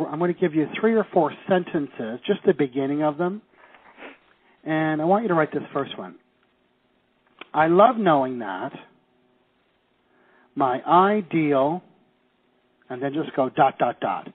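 A man's voice: a little high, slightly rough, no room sound. A man teaching a live seminar, coaching the audience and asking them questions. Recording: tinny phone-like live audio.

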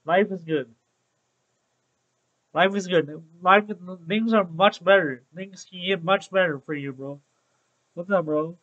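A man's voice: high voice, a little slow, long pauses, fairly bright tone, lo-fi sound. A young man streaming a game, chatting upbeat with his viewers and repeating phrases like "bro". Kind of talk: casual Let's Play commentary to live chat.

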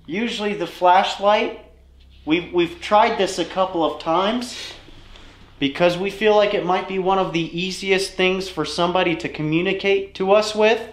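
Leading a paranormal investigation inside an old building, a male host sincerely begs the spirits to respond. His voice sits high and steady at an ordinary pace, with the room's echo audible.

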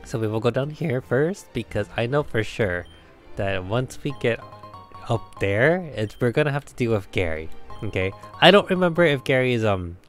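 A man's voice: mid-range voice, animated, moderate pace, soft background music. A man giving casual let's play commentary, chatty, laughing often and talking to himself. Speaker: game streamer.

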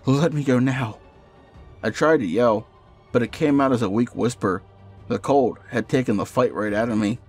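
A man narrating a first-person horror story in a steady storytelling voice over faint music. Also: medium pitch, normal speed.

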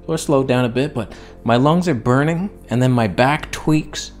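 A man's voice: mid-range voice, normal speed, darkish tone, faint music behind. Man in back pain, rambling and self-mocking. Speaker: vlogger. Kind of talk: casual vlog monologue.

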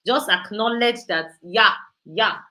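A woman's voice: medium pitch, slow, sharp tone, low-quality recording. A woman hosting a faith-based motivational talk over a video call, talking in an impassioned, preachy way that builds to emphatic peaks. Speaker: host.

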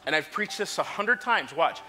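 Male pastor, high bright voice, fervent sermon that swings from hushed to shouting. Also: expressive, moderate pace. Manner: impassioned, swings from quiet to shouting. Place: church sanctuary.

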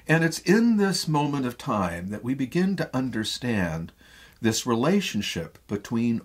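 A middle-aged man, a theatre professor, lecturing on a play in a deliberate, thoughtful way, often repeating words as he thinks. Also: on the low side, husky.

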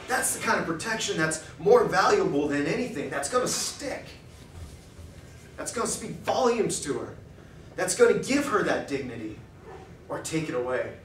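A man speaking at a men's breakfast in a cafe, preaching in an animated way and acting out quoted thoughts in a hushed voice. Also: on the high side, normal speed, a little hiss or hum. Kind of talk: preaching talk. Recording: echoey room, mic far off.

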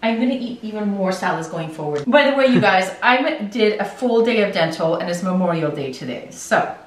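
A woman's voice: mid-range voice, animated, fairly quick. A middle-aged woman, a dentist, talking straight to her viewers in a playful, chatty way while she cooks at home. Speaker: dentist and cooking vlogger. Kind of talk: casual cook-along vlog. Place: home kitchen. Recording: roomy, from a distance.

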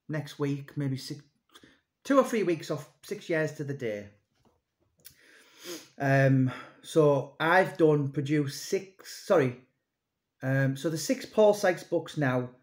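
A man in his thirties speaks in a slightly high voice, rambling through a casual monologue to camera. He is an author and publisher, talking loosely with lots of ums and restarts. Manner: rambling, conversational, many fillers and restarts.

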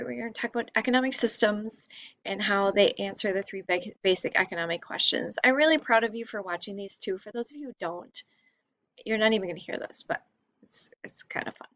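A woman's voice: medium pitch, no echo, rough recording. A tired woman teacher giving a chatty, rambling recorded lesson late at night from home. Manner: chatty, warm and rambling, with frequent fillers.

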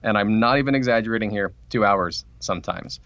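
Fast-talking man telling a work story. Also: on the low side, no room sound, muffled recording. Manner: fast, animated storytelling with acted-out quotes. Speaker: author and guest. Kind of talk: casual storytelling interview.

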